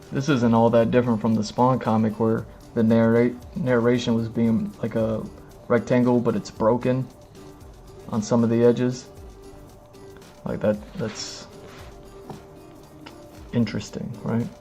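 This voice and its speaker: A man streaming live as he reads comics aloud, rambling and filling every pause with "like" and "you know what I mean". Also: medium pitch, level tone, dark tone, soft background music. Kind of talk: casual live-stream commentary.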